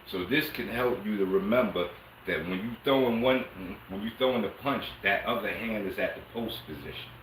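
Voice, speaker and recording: A low-voiced man with a bright, forceful edge teaches a bare-knuckle training lesson on a livestream. He talks casually and streetwise, urging viewers along. The sound is roomy, with the mic some distance off. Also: a little hiss or hum. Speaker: martial arts instructor. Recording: echoey room, mic at a distance.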